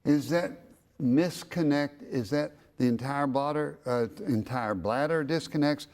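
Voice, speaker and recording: A man's voice: on the high side, a little slow, a little mellow. A man hosting a health talk show, curiously asking a doctor follow-up questions and summarizing the answers. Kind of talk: interviewing a doctor.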